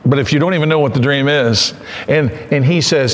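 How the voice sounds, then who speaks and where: Man, pastor, lively conversational sermon, acts out quotes, long church-hall reverb. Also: medium pitch, a little fast. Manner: conversational preaching, acts out quotes, asks the congregation questions.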